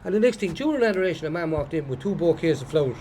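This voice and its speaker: Irish man, earnest rambling testimony, brisk delivery, loud traffic noise outdoors. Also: a little high, lively intonation. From Ireland. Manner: earnest, rambling storyteller, repeats himself. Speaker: pilgrim giving testimony. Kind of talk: personal testimony. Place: outdoors at a pilgrimage site.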